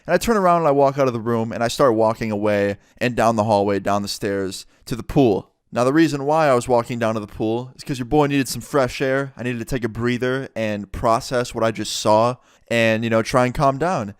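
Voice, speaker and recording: A young man telling a personal story in a casual, animated way, swearing often. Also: medium pitch, fairly quick, few pauses, clean tone, no room sound, studio quality. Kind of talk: storytime narration.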